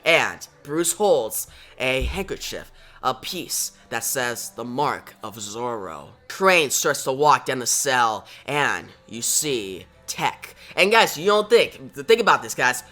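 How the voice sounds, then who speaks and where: A man casually retelling a comic book story, excited and talking to his viewers directly. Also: mid-range voice, slow, faint music behind. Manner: excited, addresses viewers as guys. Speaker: comic reviewer.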